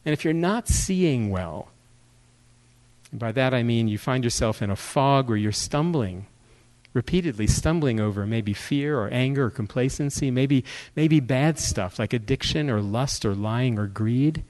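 A man preaching as a guest speaker, swinging between hushed moments and urgent pleas. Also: medium pitch, lively intonation, measured pace, poor audio. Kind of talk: sermon.

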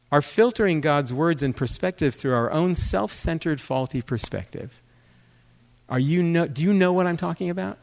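A male guest speaker preaching a sermon with humor, joking and conversational, telling animated stories. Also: fairly high pitch, unhurried, gravelly.

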